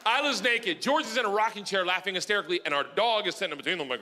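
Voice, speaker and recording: A middle-aged man doing stand-up comedy, telling a story loudly and shouting his punchlines, recorded on a stage mic. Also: high voice, rapid-fire, hardly any pauses. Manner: loud, animated, shouting punchlines. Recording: stage mic with audience noise.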